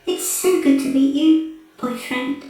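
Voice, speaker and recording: A man voicing a giggly, clumsy female robot sweetheart in a falsetto for an audiobook. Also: huge pitch swings, measured pace, heavily acted. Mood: chirpy. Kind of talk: audiobook character voice. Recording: echoey room, voice from afar, music behind.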